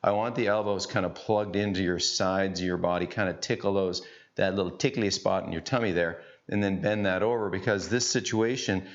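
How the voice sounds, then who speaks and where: A middle-aged man teaching golf, chatty and folksy with joking asides. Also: fairly low pitch. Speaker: golf instructor. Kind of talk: on-course instruction. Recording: dull lo-fi sound.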